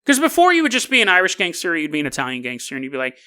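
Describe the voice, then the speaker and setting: A podcast host giving a casual monologue in a joking, animated way, with frequent quick restarts. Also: mid-range voice, clear, resonant tone. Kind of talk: casual monologue on conspiracy lore.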